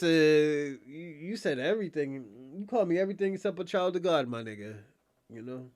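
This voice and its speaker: High-pitched man ranting on a stream. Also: animated, a little fast, dry recording, studio quality. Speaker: livestream host. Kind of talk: casual livestream commentary addressing chat.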